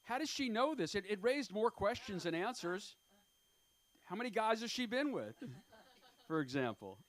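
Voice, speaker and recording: A man's voice: sits high, big pitch swings, moderate pace, a bit bright. Rambling self-deprecating man in his fifties. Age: 50s. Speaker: stand-up comedian. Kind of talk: open-mic stand-up set. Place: comedy club stage.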